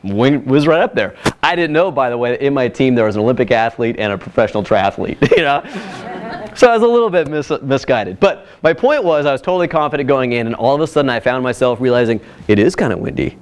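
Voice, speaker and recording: A man presenting at a workshop, telling a personal story in a casual, animated way with frequent asides to the audience. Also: medium pitch, fast talker. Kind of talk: casual workshop talk with slides.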